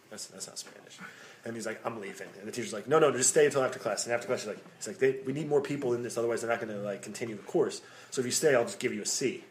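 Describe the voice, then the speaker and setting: A man with a medium-pitched voice co-hosts a podcast, slight background noise behind him. Hailing from the American Midwest, he rambles through long stories in casual talk, laughing and swearing along the way.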